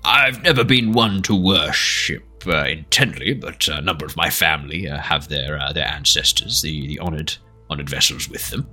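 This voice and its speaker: A man voicing a calm, polite male adventurer who speaks softly and hesitantly. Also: very deep voice, moderate pace, husky, faint music behind, pitched below the performer's own voice, full character voice. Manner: soft-spoken, hesitant.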